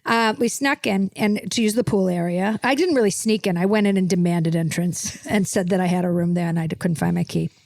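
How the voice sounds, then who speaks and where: A woman's voice: on the low side, brisk, creaky, hardly any pauses, a little mellow, no echo. An older woman hosting a comedy podcast, telling a rambling story in a brash, self-assured way and peppering it with "okay". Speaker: podcast host.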